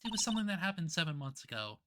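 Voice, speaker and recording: A woman reading the lines of a composed young woman who manages an exhibit, in a calm, sincere way. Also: on the low side, very fast. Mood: earnest. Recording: loud background noise.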